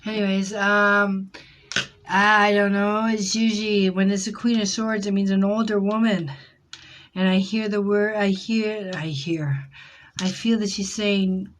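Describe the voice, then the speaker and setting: A woman giving a tarot card reading, hesitant and searching, often pausing on fillers as she describes what she feels from the cards. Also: mid-range voice, level tone. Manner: intuitive, speaks in feelings. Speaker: tarot reader.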